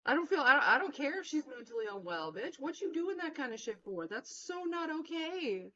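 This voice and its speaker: A woman streaming a game, reacting with blunt, profane and animated commentary. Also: sits high, brisk, muffled recording. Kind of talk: let's play commentary.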